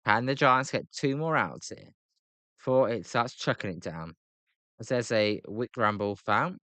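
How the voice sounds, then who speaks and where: A British man commentating live on a baseball game, with a bright, forward tone. He chats between pitches with plenty of fillers and lifts his voice for the big plays. The sound is dry and close to the mic. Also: lively intonation, a little slow, no echo. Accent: British English. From Britain. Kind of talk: live play-by-play reaction.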